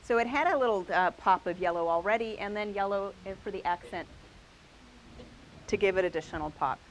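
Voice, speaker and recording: A woman's voice: mid-range voice, brisk, low-quality recording. A woman hosting a quilting class, showing quilts to a live group and praising each one with enthusiasm. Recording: faint hiss.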